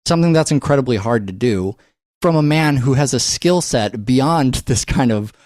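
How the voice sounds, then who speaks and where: A man co-hosting a podcast in a studio, talking about movies in a casual, animated way and swearing freely. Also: medium pitch, normal speed, dry recording. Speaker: podcast co-host. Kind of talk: casual film chat.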